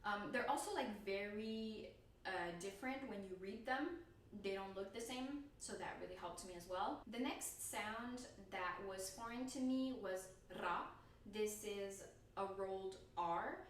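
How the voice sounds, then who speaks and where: A chatty woman whose first language is French talks through her learning in a loose, self-deprecating way, with a voice of middling pitch. She sits some way from the mic in a strongly echoing room. A faint background hiss runs underneath. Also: a little slow. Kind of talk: casual explanatory vlog talk. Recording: very echoey room, distant mic, faint noise.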